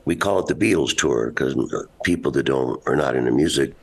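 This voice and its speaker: A man's voice: extremely low pitch, a little fast. A man in his seventies, a rock musician, telling rambling stories in a casual interview and laughing often. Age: 70s.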